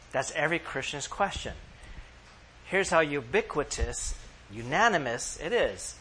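Bright-voiced man preaching a sermon. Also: a little high, very animated, a little hiss or hum. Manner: emphatic, slows down to read verses aloud; addresses the congregation directly with questions. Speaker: pastor. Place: church room with a congregation.

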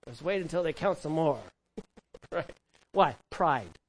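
A man preaching a sermon who asks the congregation questions and acts out prayers and quotes, swinging from loud cries to hushed words. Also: a little high, animated, slow, low-quality recording. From California. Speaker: pastor.

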